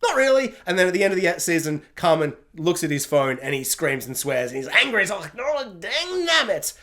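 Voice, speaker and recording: A man giving a casual spoken review of a TV series, chatty and animated, laughing often and talking in loose, filler-heavy sentences. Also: on the high side, a little fast. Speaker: YouTube TV reviewer.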